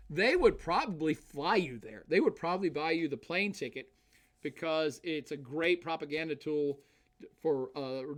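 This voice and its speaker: A man giving a casual livestreamed lecture, answering chat with lively, conversational asides and frequent restarts. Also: fairly high pitch. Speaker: lecturer and streamer.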